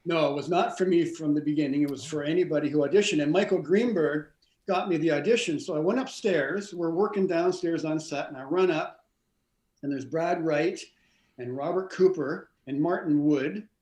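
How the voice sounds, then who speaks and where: A middle-aged man with a notably high voice spins long, animated anecdotes, tripping over restarts as he goes. He sounds like a guest on a video call, his voice carrying a roomy echo. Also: normal speed. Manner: rambling, animated, many restarts and stammers. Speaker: stunt coordinator and actor, interview guest. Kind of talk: casual storytelling interview.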